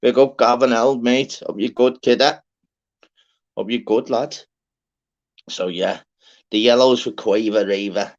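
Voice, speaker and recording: A man's voice: medium pitch, fairly even intonation, a little slow, long pauses. Chatty man, lo-fi. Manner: chatty, swears freely, rambling. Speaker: live stream host. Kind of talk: casual live shout-outs. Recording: dull lo-fi sound.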